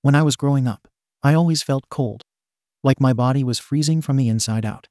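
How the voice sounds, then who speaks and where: A man's voice: mid-range voice, fairly quick, a little mellow, no echo, clean studio sound, lightly acted. A man voicing a bitter, scarred young male villain confronting his father in a fan fiction reading, menacing and accusing.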